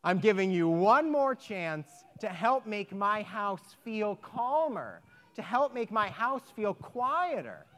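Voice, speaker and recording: A woman's voice: medium pitch, sing-song, slow pace, hardly any pauses, fairly bright tone. A woman voicing an exasperated village woman who pleads and complains about her noisy house, as part of a story told aloud. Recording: echoey hall.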